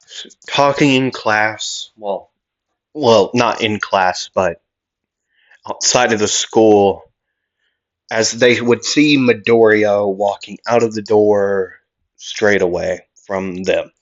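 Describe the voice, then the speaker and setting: A man's voice: on the low side, slow, lo-fi sound. A man casually narrating a fan-made anime story, rambling with many fillers and corrections. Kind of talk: casual story reading and chat.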